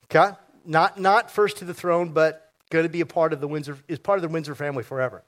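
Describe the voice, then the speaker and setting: Pastor guy preaching to a church crowd, kinda high voice, cracks jokes, asks the room stuff. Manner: joking, audience-engaging, fast and lively. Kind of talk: sermon. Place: church sanctuary before a congregation.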